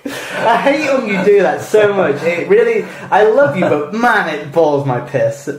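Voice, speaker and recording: A man's voice: high-pitched, big pitch swings, measured pace, a crowd in the background. A man co-hosting a casual podcast, teasing his friend and laughing often. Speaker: podcast co-host. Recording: echoey room with faint music.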